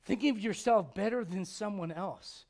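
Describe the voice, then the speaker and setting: High-pitched guy preaching, blunt and in your face, loud then quiet. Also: moderate pace, vocal fry. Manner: impassioned, swinging from loud outbursts to hushed intensity; blunt and confrontational. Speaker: pastor. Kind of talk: sermon.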